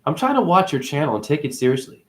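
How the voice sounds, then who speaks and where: A man voicing an impatient male viewer who scolds him in a high, mocking voice. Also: big pitch swings, fast talker. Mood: scolding. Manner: scolding, blunt.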